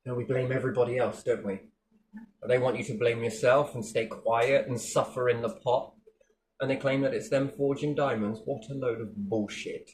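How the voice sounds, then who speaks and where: A man's voice: medium pitch, fairly even intonation, moderate pace, darkish tone, slight background noise. A man delivering a mocking, sweary monologue with big sarcastic swings in tone.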